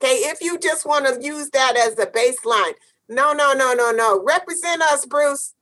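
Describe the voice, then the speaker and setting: High bright sassy woman co-host. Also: normal speed. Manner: sassy, emphatic, repeats phrases for stress. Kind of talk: casual chat.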